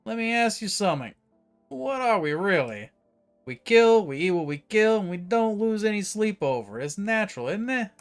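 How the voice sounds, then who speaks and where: A man voicing a brutal, predatory man in a game, speaking with a deliberately mixed New York and British accent in a swaggering, contemptuous way. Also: high voice, big pitch swings, clear, resonant tone, faint music behind, voice pushed up. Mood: menacing. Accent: mock half New York, half British. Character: brutal predatory man who sees people as beasts. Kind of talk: reading game dialogue aloud in voices.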